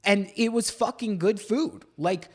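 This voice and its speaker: A man hosting a podcast, telling a story in an animated rant and swearing freely in casual chat. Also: sits high, unhurried. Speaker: podcast host.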